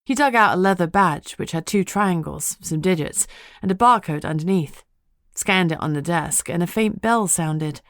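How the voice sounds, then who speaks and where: A woman narrating a first-person audiobook in a wry, even storytelling way. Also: lowish voice, moderate pace, no room sound, clean studio sound.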